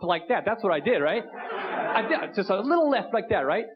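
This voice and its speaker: A young man doing a stand-up comedy set on a club stage, animated, acting out stories. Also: high-pitched, fast talker. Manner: animated, acts out a fight story with rising shouts. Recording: dull lo-fi VHS tape with loud hiss. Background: audience laughter and crowd noise.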